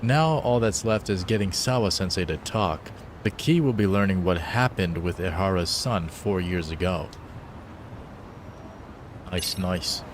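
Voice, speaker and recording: A man's voice: low-pitched, unhurried, a little hiss or hum. A man joking loosely in slang while live-streaming a game. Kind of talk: casual live-stream commentary.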